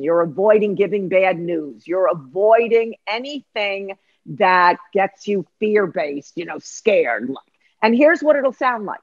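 A woman's voice: medium pitch, no echo, muffled recording. Emphatic middle-aged woman life coach. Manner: emphatic, lively, acts out voices. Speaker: executive life coach, podcast guest. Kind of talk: animated teaching in conversation.

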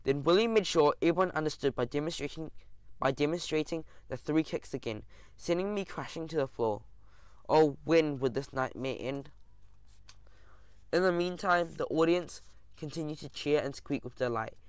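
A man reading a first-person audiobook aloud in a lively, expressive way. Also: on the high side, fairly quick, clean tone, dry recording, highs cut off. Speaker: audiobook narrator.

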